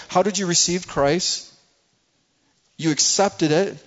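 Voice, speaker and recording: A man's voice: sits high, slow. A man preaching a sermon with emphasis, often repeating words as he restarts. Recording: muffled lo-fi recording.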